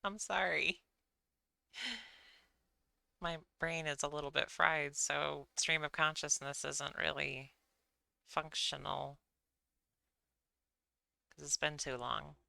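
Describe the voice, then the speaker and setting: Woman streamer, casual and self-deprecating; low, crisp, bright voice with some fry. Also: steady tone, slow pace, long pauses, dry recording. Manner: rambling, self-deprecating, apologetic. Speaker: livestreamer. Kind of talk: casual rambling stream chat.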